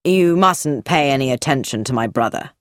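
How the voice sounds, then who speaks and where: A woman's voice: a bass voice, animated, normal speed, no echo, clean studio sound, voice pushed down. A woman voicing a stiff, cold older brother, a businessman who speaks coldly and defensively.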